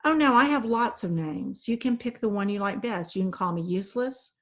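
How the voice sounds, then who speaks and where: A woman's voice: medium pitch, animated, normal speed, lightly acted. A woman reading aloud, voicing an eager, simple-minded male stray dog who talks in short, earnest sentences.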